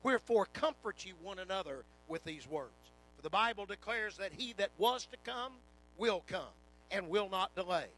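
A man preaching a sermon with emphatic delivery, rising and falling in loudness and slowing into scripture readings. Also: high-pitched, animated, rough recording.

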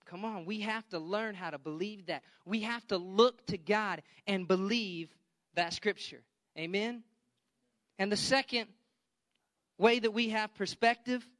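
High bright-voiced preaching man. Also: normal speed, no room sound. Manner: preaching with emphatic calls to the congregation. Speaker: pastor. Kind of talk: sermon.

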